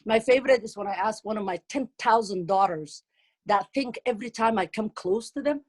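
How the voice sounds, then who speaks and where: A middle-aged woman from Somalia with a Somali accent and Somali as her first language, telling comic stories in an animated, teasing way and exclaiming often. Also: mid-range voice, fairly quick. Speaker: comedic speaker at a community event. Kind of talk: comic storytelling.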